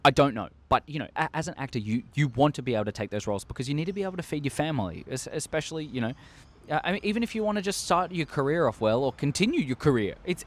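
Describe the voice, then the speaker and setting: Man, Australian accent, casual opinion vlog, rambling, excitable, frequent swearing, average pitch, desk mic. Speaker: show host. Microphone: desk microphone.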